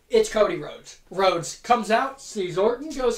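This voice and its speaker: A woman hosting a comedic monologue, telling a made-up wrestling card in a profane, excitable, rapid-fire way. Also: medium pitch. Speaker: host. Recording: roomy echo.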